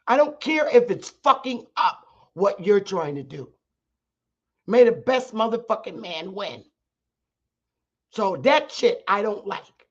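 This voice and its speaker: Blunt, husky-voiced woman, dull stream audio. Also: mid-range voice, big pitch swings, slow pace, pauses often. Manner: blunt, profane and combative, rising to shouts. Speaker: channel host teaching her audience. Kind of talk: heated livestream monologue.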